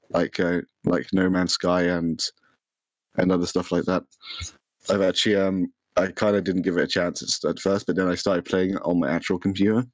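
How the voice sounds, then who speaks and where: A young man with a deep, low voice talks casually as a podcast guest, rambling along with lots of ums and restarts. The sound is close and dry. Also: no room sound, rough recording. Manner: rambling, many fillers and restarts. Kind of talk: casual chat.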